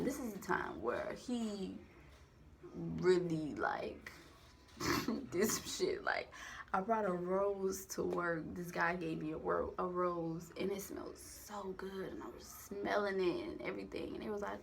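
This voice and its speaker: Gravelly young woman telling a profane story. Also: mid-range voice, a little hiss or hum. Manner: candid, profane, animated storytelling with quoted voices. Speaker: vlogger. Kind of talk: casual storytime monologue.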